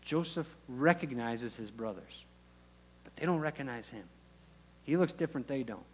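A man with a slightly high voice tells a Bible story from the pulpit in a loose, chatty way. He slips into the characters' lines and stumbles over his restarts. His voice rings out with a long reverb, as in a large hall. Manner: conversational storytelling with quoted dialogue and restarts. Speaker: preacher. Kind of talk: sermon retelling a Bible story.

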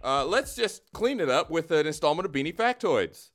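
A man's voice: on the high side, sing-song, moderate pace, fairly bright tone, faint music behind. A man hosting a podcast, rambling and joking in a casual chat. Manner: rambling, self-interrupting, joking. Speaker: podcast host.

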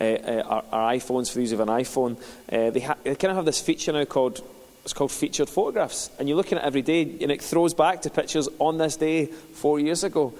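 A man's voice: medium pitch, a little mellow. A man preaching a sermon, telling stories in a conversational, self-deprecating way. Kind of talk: sermon with storytelling. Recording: reverberant hall.

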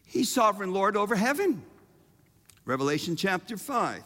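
A man preaching a sermon, emphatic and humorous, with dramatic pauses. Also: sits high, big pitch swings, fairly bright tone. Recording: reverberant hall.

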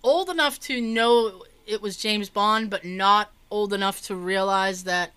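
A woman's voice: mid-range voice, unhurried, fairly bright tone, clean tone. A woman in casual podcast chat, telling an anecdote loosely with plenty of fillers and asides. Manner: chatty storyteller, lots of likes and ums.

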